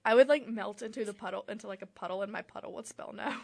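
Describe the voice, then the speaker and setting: A woman's voice: mid-range voice, fast, gravelly, dry recording. A young woman co-hosting a podcast, telling stories in a rambling, giggly casual chat. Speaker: podcast co-host.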